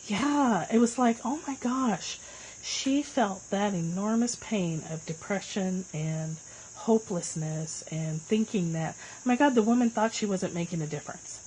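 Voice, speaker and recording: A woman hosting a casual livestream, chatting with viewers and answering their comments with lively swings in pitch. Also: unhurried, slight background noise, rough recording. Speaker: livestream host.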